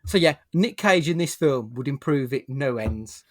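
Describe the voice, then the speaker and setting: A man's voice: medium pitch, animated, normal speed, dry recording, studio quality. A man hosting a casual film podcast, joking and swearing freely while he leads the chat. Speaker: podcast host.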